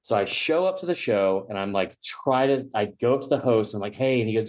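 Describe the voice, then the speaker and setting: A man's voice: brisk, hardly any pauses. A man telling a long story on a podcast, acting out the other people in it and swearing as he goes. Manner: animated storyteller, acts out quoted voices with pitch jumps; profane, joking. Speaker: podcast guest, sports media personality. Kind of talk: casual storytelling.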